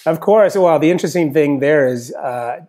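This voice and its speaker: A man with a fairly high voice talks at a moderate pace as a guest on an interview podcast, where he appears as a chef and author. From south India and partly raised in the US, he sounds relaxed and thoughtful, often saying "you know."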